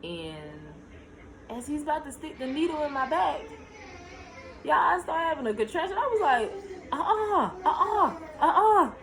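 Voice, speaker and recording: A young woman telling her own story to camera in a casual vlog, talking straight to her viewers and jumping high in pitch when she relives tense moments. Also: sing-song, moderate pace, pauses often, rough recording. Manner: talks to viewers directly, shushing her child between lines.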